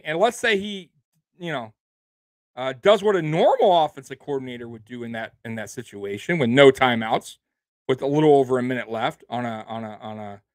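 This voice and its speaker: A man ranting about his team with a high, lively voice that swings widely in pitch. His delivery is heated and profane, breaking into disbelieving laughter. The sound is dry and close, with no room echo. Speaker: sports podcast host. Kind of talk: casual ranting commentary.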